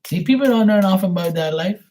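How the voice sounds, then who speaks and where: A man in his forties hosts a stream, answering paid questions in casual chat. His voice is high with lively intonation, fast, and a little mellow, and he rambles through stories with plenty of swearing.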